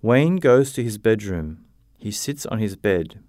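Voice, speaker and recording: A man narrating a simple graded-reader story with clear, deliberate reading. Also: lowish voice, very animated, a little mellow, dry recording, clean studio sound.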